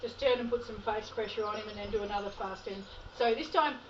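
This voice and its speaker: A woman's voice: medium pitch, fast talker. Australian female herding trainer, encouraging and patient, heard at a distance in an echoey, muffled outdoor recording. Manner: calm, encouraging, praises the dog often. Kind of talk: outdoor coaching instructions. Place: outdoor paddock with sheep and dogs. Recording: distant, roomy, dull, noisy outdoor audio.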